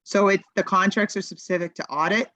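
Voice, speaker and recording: A woman's voice: medium pitch, fairly even intonation, brisk, a bit bright, no echo, poor audio. A woman advising a town committee in a meeting, explaining options in a practical, think-aloud way over remote-call audio. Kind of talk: meeting discussion.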